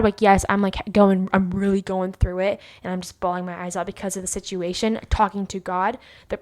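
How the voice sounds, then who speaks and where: Woman, podcast host, rambling faith monologue, lots of fillers, middle pitch. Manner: rambling storytelling with many fillers and restarts.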